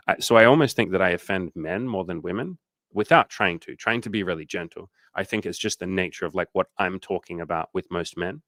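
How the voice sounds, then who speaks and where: A man's voice: sits low, brisk, fairly bright tone, dry recording. A man working as a dating coach, answering questions on a casual livestream in a candid, loose way, swearing freely and using lots of fillers.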